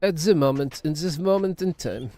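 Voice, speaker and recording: A man puts on a cynical, grumbling character who sneers at everyone around him. The voice sits a touch higher than a typical man's, and he speaks in blunt, scornful jabs. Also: normal speed, mellow, soft background music, natural voice. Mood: sneering.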